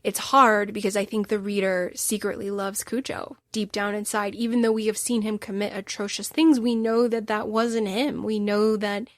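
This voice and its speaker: A woman's voice: medium pitch, little pitch movement, moderate pace, hardly any pauses, dry recording, studio quality. A woman hosting a solo book podcast, telling the story with emotional, emphatic bursts. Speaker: podcast host.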